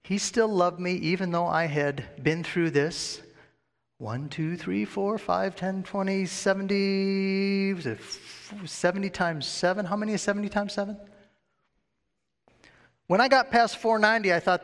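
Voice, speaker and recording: An earnest man preaches in a sermon, telling his own testimony and acting out his old inner arguments. His voice sits a little high for a man. He keeps putting questions to his listeners, and a long reverb from a large hall trails each line. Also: animated, normal speed, vocal fry, a bit bright. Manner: earnest, asks the congregation questions, acts out his own past thoughts.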